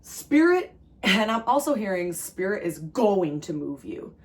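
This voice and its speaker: A woman giving a channeled tarot reading to camera. She talks emphatically, repeats her phrases and jumps high in pitch when she gets excited. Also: unhurried. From New Jersey. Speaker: tarot reader.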